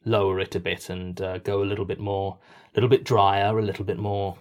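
A man's voice: sits low, little pitch movement, a little fast. A British man answering interview questions casually, hesitant with many fillers and dry self-mocking jokes. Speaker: podcast writer and performer.

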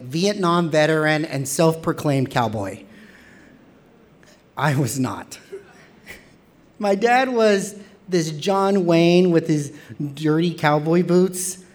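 A man in his thirties, from Texas, telling a candid personal story on stage with wry humor and lively quoted voices. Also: on the high side, slow.

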